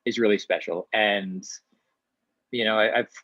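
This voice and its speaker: A man from small-town Ontario, Canada, an actor chatting in a casual interview, talking in a lively, rambling way with many restarts. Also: on the low side, no echo. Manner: chatty, animated, many restarts, quick asides. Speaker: actor guest. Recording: dull, dry lo-fi sound.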